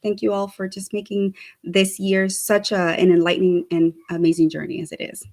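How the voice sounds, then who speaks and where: A woman co-hosts a casual talk show in an energetic, upbeat way, handing out one shout-out after another. Her voice sits in a middle pitch. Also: a little fast. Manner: energetic, gives many shout-outs. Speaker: co-host. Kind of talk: casual chat.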